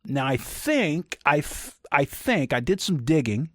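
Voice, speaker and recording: A man's voice: fairly high pitch, a little slow, dry recording. Guy doing casual video commentary, bouncy voice, jokey, dry sound. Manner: animated, joking, self-interrupting.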